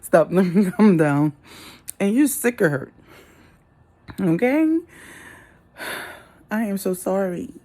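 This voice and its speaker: A middle-aged woman talking casually to camera, candid and quick to laugh. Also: medium pitch, big pitch swings. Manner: candid, laughs a lot, loud mock outbursts. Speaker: vlogger.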